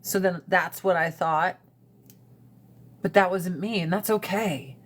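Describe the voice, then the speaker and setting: A woman's voice: on the low side, steady tone, takes it slowly. A woman in casual livestream chat, blunt and profane, often laughing, talking into a phone. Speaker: livestream host.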